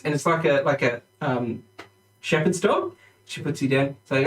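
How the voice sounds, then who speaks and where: A man narrating as dungeon master, telling scenes in a loose, joking way with quick acted bits. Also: medium pitch, fairly even intonation, far from the mic, poor audio. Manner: loose, joking storyteller who jumps into voices. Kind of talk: narrating a tabletop game.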